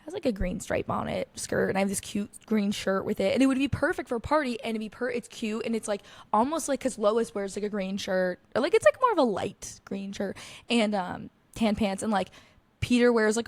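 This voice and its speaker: A young woman with a medium-pitched voice hosts a casual podcast by herself, heard in a dry recording. She tells chatty stories packed with "like" and plenty of profanity. She also makes quick asides along the way.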